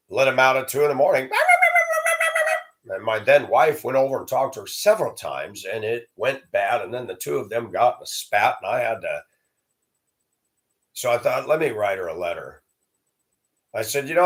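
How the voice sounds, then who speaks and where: A man telling a sarcastic, profane story as a ranting monologue to camera. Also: medium pitch. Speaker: vlogger.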